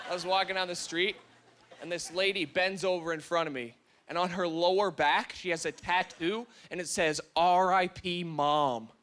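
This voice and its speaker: High-voiced young man doing dark stand-up. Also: steady tone, measured pace, pauses often. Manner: dark, wry storytelling, punchy delivery. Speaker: stand-up comedian. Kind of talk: stand-up comedy set. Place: comedy club stage with a live audience. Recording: audience ambience with noise.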